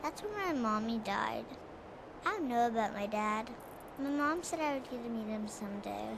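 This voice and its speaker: A woman voicing a worried little girl in a video game, with a soft, childlike, pleading voice. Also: on the high side, animated, normal speed, gravelly. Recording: noisy game audio.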